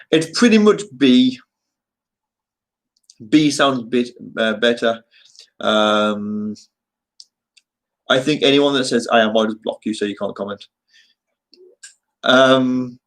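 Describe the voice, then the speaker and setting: Speaking slowly with long pauses, a man with a mid-range voice and a Birmingham accent rambles and jokes to his live-stream viewers, using many fillers. He's English, and the recording quality is low.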